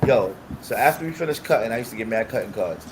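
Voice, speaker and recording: A man's voice: lowish voice, quick pace, background noise. Slangy New man, humming room. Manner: animated storyteller acting out quoted voices, heavy street slang. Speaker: podcast co-host. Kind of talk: casual chat, storytelling.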